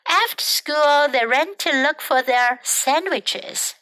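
Female storyteller for kids, high bright voice, slow and clear, dry close mic. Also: no room sound. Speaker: English teacher reading a bilingual storybook. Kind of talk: bilingual children's story reading.

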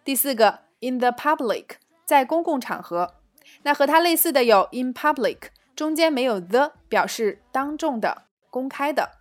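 High-voiced woman teaching phrases. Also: expressive. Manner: reads dialogues slowly, then explains in Chinese. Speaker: English teacher. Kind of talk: scripted English lesson.

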